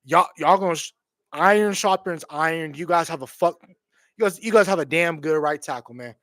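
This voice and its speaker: A man hosting his own live stream, reacting with loud excitement and a lot of swearing, repeating himself and calling the audience bro and homie. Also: fairly high pitch, moderate pace, no echo, clean studio sound. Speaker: streamer hosting a draft watch party.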